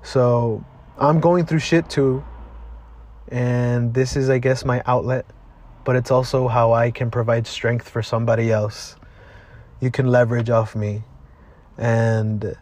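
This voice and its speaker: A man's voice: mid-range voice, a little mellow. A man in his twenties from Southeast Los Angeles, hosting a podcast in a casual, motivational monologue that is blunt, heartfelt and full of swearing. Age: 20s. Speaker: podcast host.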